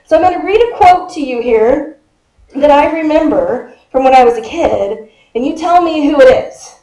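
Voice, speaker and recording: A woman pastor in her fifties preaches in a loose, chatty way, tossing questions to her congregation. Her voice sits high but has a mellow tone. The sound rings around an echoey church sanctuary. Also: animated, normal speed. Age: 50s. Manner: chatty, quizzes the congregation, laughs often. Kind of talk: conversational sermon.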